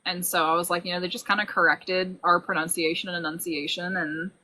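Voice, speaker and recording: Bright-voiced young woman hosting a livestream. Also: fairly low pitch, level tone, fairly quick, a little hiss or hum, rough recording. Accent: barely any Southern, mostly neutral American. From Alabama. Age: young adult. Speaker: livestream host. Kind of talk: casual livestream chat.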